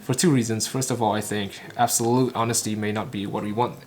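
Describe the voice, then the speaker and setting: A man's voice: on the low side, steady tone, darkish tone, faint music behind. A man repeating a spoken talk phrase by phrase, stumbling and restarting often as he practices English. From Vietnam. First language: Vietnamese. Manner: halting, clipped phrases with frequent stumbles and restarts. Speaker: English learner and channel host. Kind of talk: shadowing a recorded talk line by line.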